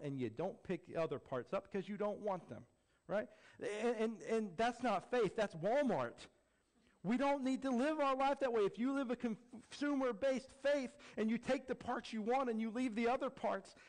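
A man preaching a sermon as a pastor, building to emphatic peaks and then dropping low and quiet. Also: normal speed. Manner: acts out quoted voices with jokey flair.

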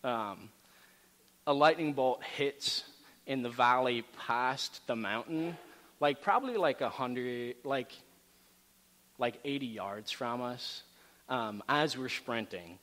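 A man telling a story in a casual, animated way to a campus gathering, with lots of fillers and asides. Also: mid-range voice, slow pace. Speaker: campus ministry speaker. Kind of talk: storytelling sermon talk. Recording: reverberant hall.

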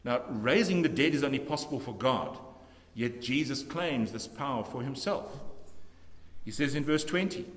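A man preaching a measured, emphatic sermon as pastor in a church. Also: mid-range voice, lively intonation. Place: church sanctuary. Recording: long church reverb.

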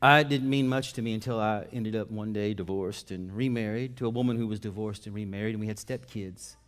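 Talking a little fast in a lowish voice, this pastor keeps his sermon homey and conversational. Loud bursts of emphasis alternate with hushed stretches where he shares personal stories.

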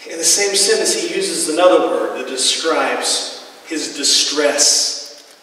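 A pastor preaching a sermon, telling stories in a halting, conversational way with many restarts. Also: male voice, fairly high pitch, fairly bright tone. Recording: echoey hall, mic far off.

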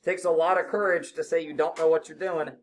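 Male math teacher, classroom lesson, brisk and encouraging with a joking streak. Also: a little high, steady tone. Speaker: middle school math teacher.

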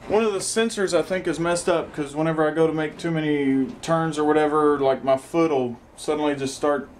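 A man's voice: a little high, darkish tone, a little hiss or hum. A young man vlogging casually about his day, rambling with lots of fillers and the odd curse. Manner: rambling, profane, many fillers. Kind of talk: casual vlog chat.

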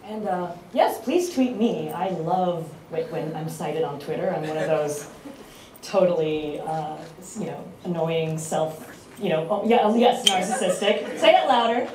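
An American woman speaking on a conference panel, loud and chatty with self-mocking humor. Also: sits low, unhurried, background noise. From United States. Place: conference hall. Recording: roomy hall from far off.

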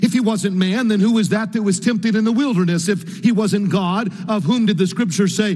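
A man with a high voice preaches from a pulpit, stacking rhetorical question on question in a rising cadence. His voice rings through a large sanctuary with a long, trailing reverb. Now and then he slips in an "uh" as he gathers the next point. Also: moderate pace, few pauses, dark tone. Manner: occasional "uh" fillers. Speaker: pastor. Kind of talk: sermon.

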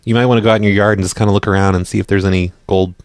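A man hosting a live radio show and making prank phone calls, speaking deadpan and often stumbling over his words. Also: lowish voice, racing, no room sound, studio quality. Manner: deadpan, stammers and repeats words. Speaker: prank-call radio host.

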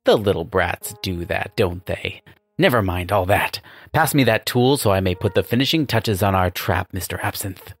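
A man voicing a pompous, self-praising male demon boss who talks down to his nephew in a grand, drawn-out way. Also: low-pitched, lively intonation, slightly rough, full character voice. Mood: scolding.

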